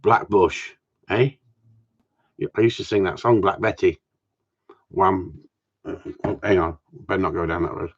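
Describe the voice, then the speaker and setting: A man's voice: low-pitched, unhurried, long pauses. A man with a chatty, joking manner, hosting a casual live stream for his followers. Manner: jokey, chatty, greets viewers by name. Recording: dull lo-fi stream audio.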